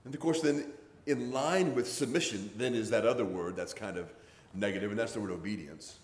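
A low-voiced man delivers a sermon in a conversational style, pressing hard on his main points. His voice echoes around a reverberant room. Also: brisk, darkish tone. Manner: conversational preaching, rising and pressing on key points. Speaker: pastor.

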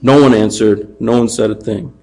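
A man preaching a sermon, animated, acting out taunts in a raised voice and dropping quiet for emphasis. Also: fairly low pitch, normal speed, poor audio. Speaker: pastor.

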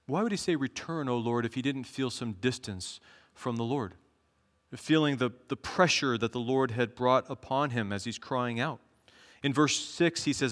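A man preaching a sermon as pastor, earnestly reading scripture aloud and slowing down for each verse. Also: medium pitch, fairly bright tone. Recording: long echo of a large hall.

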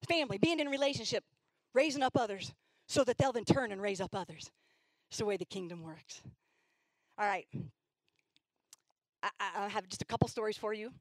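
Poor, dry audio captures a middle-aged woman's mid-range voice moving a little fast. Speaking at church, she weaves stories into her sermon and often slips into the voices of young girls, animated throughout.

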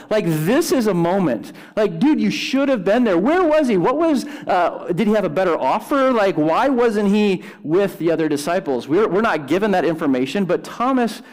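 A man with a slightly high voice preaches in a relaxed, conversational way. He speaks casually and with energy, dropping in everyday slang. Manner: casual, animated preaching with frequent "like" and "dude". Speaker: pastor. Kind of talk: conversational sermon.

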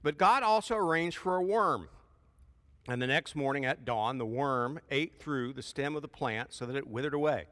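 A man preaching a sermon in a church, lively and emphatic, with folksy asides between loud peaks of emphasis. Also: medium pitch, normal speed, in a large hall. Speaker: pastor.

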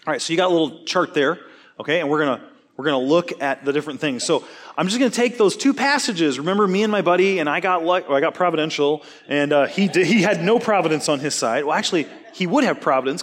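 A man teaching a Bible study class, asking the class questions and cracking jokes between points. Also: fairly high pitch. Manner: animated, joking, quick asides, questions to the class.

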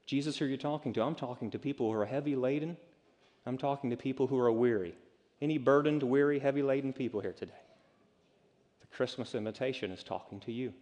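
A male pastor preaching a sermon, swinging from loud urgent calls down to hushed, near-whispered lines. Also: medium pitch, fairly even intonation, fairly quick. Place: church sanctuary. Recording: long hall reverb.

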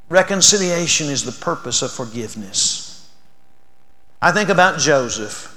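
An older man preaching a sermon in a church, earnest, moving from soft and slow passages to loud, fervent ones. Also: a little high, expressive. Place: church sanctuary. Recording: long reverb of a large hall.

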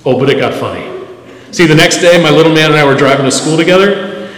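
A middle-aged male pastor giving a conversational, self-deprecating sermon full of animated stories, recorded in a church. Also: fairly high pitch, fast talker. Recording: echoey hall.

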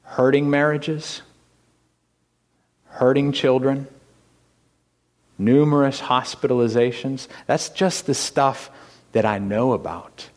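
A man preaching a sermon as pastor to his congregation. He asks rhetorical questions and swings between hushed, whispered lines and loud, emphatic ones. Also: medium pitch, fairly even intonation, takes it slowly, pauses often. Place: church sanctuary. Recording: long hall reverb.

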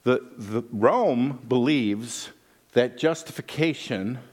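A man's voice: medium pitch, slow, darkish tone. Folksy middle-aged male pastor. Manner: folksy, conversational, with frequent "right?" asides. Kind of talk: sermon with storytelling.

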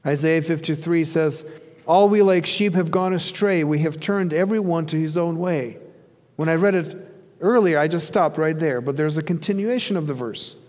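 High-voiced man preaching in a hall. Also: moderate pace, darkish tone. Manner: earnest, rhythmic preaching with repeated phrases. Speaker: pastor. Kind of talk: sermon.

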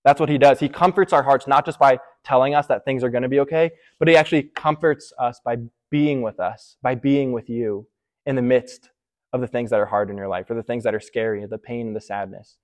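A man's voice: mid-range voice, brisk, darkish tone. Man giving a chatty youth sermon. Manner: conversational, keeps checking in with "okay?"; talks straight to listeners as "you guys".

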